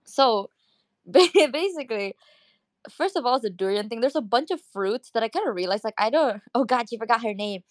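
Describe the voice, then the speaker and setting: A woman's voice: a little high, animated, a little fast, dry recording. A young woman from Indonesia chatting casually in a live audio room, rambling, swearing freely and laughing often. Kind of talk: casual chat.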